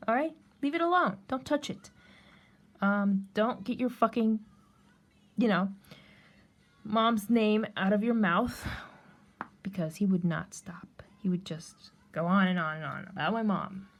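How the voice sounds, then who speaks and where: A woman's voice: mid-range voice, measured pace, pauses often. A woman telling a personal story in a blunt, heated, profane rant, speaking straight to the camera. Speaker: vlogger.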